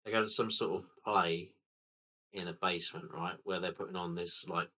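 Deep bright-voiced laid-back man. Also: steady tone, normal speed. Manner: laid-back, unsure, casual. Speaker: podcast co-host. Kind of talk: casual film-discussion podcast.

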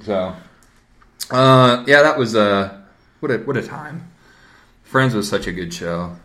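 A man's voice: on the low side, animated, slow, fairly bright tone. A man, co-hosting a podcast in casual chat. He is easygoing, agreeable and laughs often. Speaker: podcast co-host.

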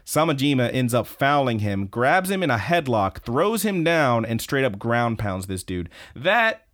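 A man's voice: mid-range voice, sing-song, unhurried, fairly bright tone. A man co-hosting a podcast, casually retelling a story with lots of swearing and quoted lines. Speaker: podcast co-host. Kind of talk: casual recap chat.

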